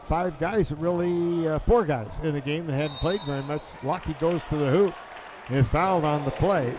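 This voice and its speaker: A man calling a live basketball game, his voice pitched a little high and rising sharply on made shots. He rattles off plays in quick bursts over clear background noise from the gym broadcast. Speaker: play-by-play announcer.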